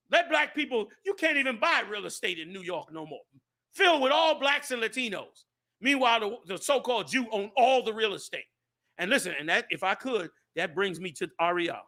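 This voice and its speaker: This show host and group leader talks in a fiery, casual way, his high male voice sharp and bright. He preaches with passion, building up to shouting and then letting his voice fall quiet.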